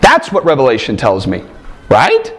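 A man's voice: mid-range voice, wildly swooping pitch, normal speed, slight background noise. A man teaching a Bible class, asking rhetorical questions and stressing points emphatically. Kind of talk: classroom lecture.

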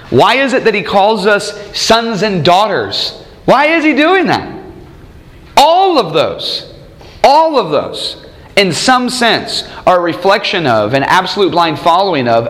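Animated man leading a church class. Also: mid-range voice. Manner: animated, asks many rhetorical questions; chuckles often while telling stories. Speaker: church study group leader.

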